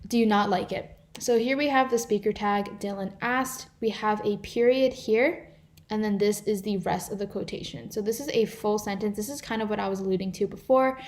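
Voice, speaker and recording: Teen girl, volunteer tutor, mid-pitched, explains punctuation step by step on a computer mic. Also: moderate pace, a little mellow. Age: teens. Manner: explanatory, reads example sentences aloud. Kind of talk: online live class lesson.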